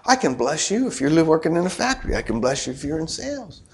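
A middle-aged man delivers a sermon in a relaxed, chatty way. His voice sits a little high and swoops widely as he throws rhetorical questions at his listeners. He breaks things up with quick joking asides. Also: a little hiss or hum. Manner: conversational preaching with rhetorical questions to the congregation. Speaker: pastor.

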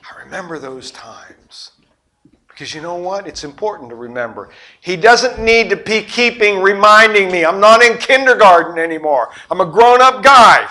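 Preaching at a normal pace, a middle-aged pastor uses a high, bright, piercing voice that leaps wildly in pitch, and he sounds forceful. His sermon is animated storytelling: he performs voices and sound effects, shifting from booming outbursts to hushed asides.

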